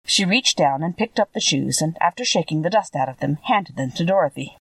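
Expressive woman reading a storybook. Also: low voice, a little fast, breathy edge, dry recording, far from the mic. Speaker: narrator.

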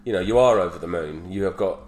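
A man's voice: low voice, quick pace, darkish tone. A man in his thirties, telling candid stories in casual podcast chat and swearing freely. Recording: roomy echo with faint hum.

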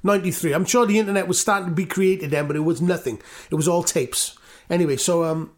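A man's voice: sits high, fast talker. A Welsh man from Newport, a guest musician telling rambling stories in casual chat, swearing and acting out the voices of the people he quotes. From Newport, Wales.

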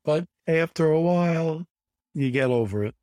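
A man in his seventies from the United States, a guest telling animated stories with emphatic repetition in an interview. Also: fairly high pitch, moderate pace, dry recording. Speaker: guest, bridge champion. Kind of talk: conversational storytelling interview.

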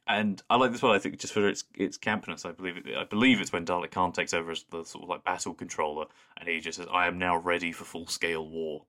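A man's voice: sits low, fairly even intonation, quick pace, few pauses, a bit bright. A man co-hosting a podcast in casual chat, easygoing and rambling, often restarting his sentences. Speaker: podcast co-host.

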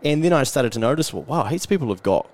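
A man's voice: mid-range voice, lively intonation, fast talker. Chatty New Zealand man telling stories. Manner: storytelling, acting out quotes, frequent mate and fillers. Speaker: podcast host. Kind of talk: casual chat.

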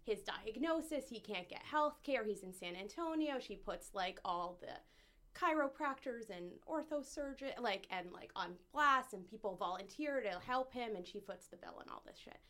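A woman's voice: on the high side, animated, normal speed, bright, forceful tone. A woman with a slight lisp, chatting on a podcast as a co-host candidate and telling a story in a blunt, heated way, swearing freely.

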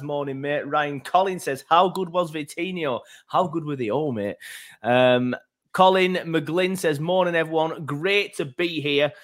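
A man's voice: fairly high pitch, a bit bright. A man, casually hosting a football fan podcast and reading out listener comments. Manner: chatty, reads out listener comments. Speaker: podcast host.

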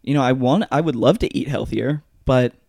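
A comedian guest chats casually on a podcast, spinning self-deprecating stories and laughing through them. His voice has a gravelly, creaky edge. The recording is dry and close, with no room sound. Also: mid-range voice, normal speed, a little mellow, no echo. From United States. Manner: laughing, self-mocking storytelling. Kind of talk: casual chat.

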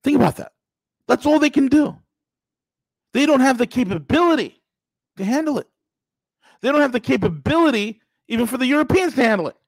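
A man with a notably high voice for a male talk host, ranting through political commentary. He is sarcastic and emphatic, and the sound is close and dry with no room echo. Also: lively intonation, fast, vocal fry.

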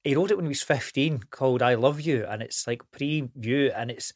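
A man's voice: medium pitch, moderate pace, no room sound. Scottish man in rambling chat, dry sound. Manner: rambling, swears freely, frequent restarts. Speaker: actor guest. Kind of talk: casual studio chat. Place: podcast studio.

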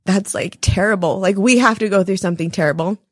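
A woman's voice: mid-range voice, a little fast, dry recording, clean studio sound. A young woman guest talking casually and emotionally, full of fillers. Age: young adult. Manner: chatty, emotional, many fillers. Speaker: podcast guest. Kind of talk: casual chat.

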